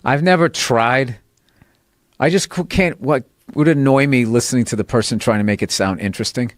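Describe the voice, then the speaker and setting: A man's voice: medium pitch, normal speed, no echo, studio quality. A man chatting casually, telling profane stories and laughing through them. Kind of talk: casual chat.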